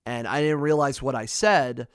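In a casual interview-style podcast, a young Midwestern American host rambles through stories, often restarting and using fillers. He has a smooth mid-range voice at normal speed, and the audio is dry and studio quality.

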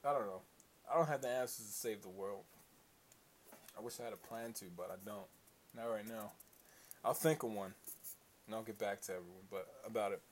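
A man's voice: lowish voice, brisk, pauses often. Profane, rambling man. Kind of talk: casual solo commentary. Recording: faint hiss.

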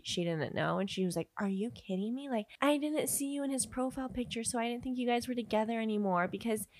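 A young woman telling a story in casual chat, animated, acting out the quotes, and laughing often. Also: on the high side, no echo.

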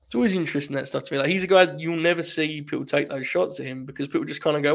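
A man hosting a podcast in casual chat, animated and swearing freely. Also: fairly high pitch, rapid-fire, creaky. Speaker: podcast host.

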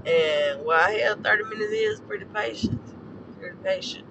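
A hoarse man, his throat scorched, delivers a blunt, cuss-filled rant about parenting in a fairly high voice at a moderate pace. He sounds preachy and direct, and this casual opinion rant has loud traffic and outdoor noise clearly audible behind him.

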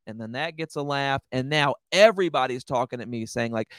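A man's voice: medium pitch, brisk, hardly any pauses, fairly bright tone, dry recording, clean studio sound. A young man, a stand-up comedian, telling a long, rambling story with lots of swearing in a casual podcast chat.

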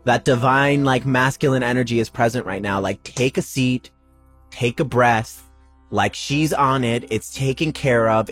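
A man's voice: medium pitch, a little slow, fairly bright tone, soft background music. Emphatic man giving spiritual pep talk. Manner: repetitive, emphatic, swears freely. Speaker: spiritual podcast host.

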